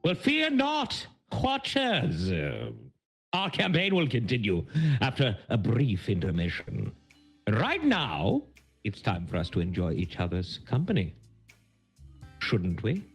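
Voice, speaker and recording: A man's voice: medium pitch, husky, exaggerated voice. A man playing a pompous, absent-minded old lord who hosts the intermission, talking grandly and rambling. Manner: grandiose, rambling, theatrical swoops. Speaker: intermission host. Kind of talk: in-character stream host segment.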